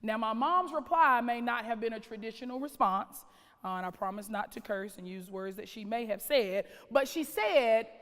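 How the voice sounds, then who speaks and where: A woman's voice: a little high, normal speed, a bit bright. A woman, giving a keynote speech in dramatic strings of rhetorical questions. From North Carolina. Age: late 30s. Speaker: keynote speaker, school principal. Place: large conference hall. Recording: reverberant hall.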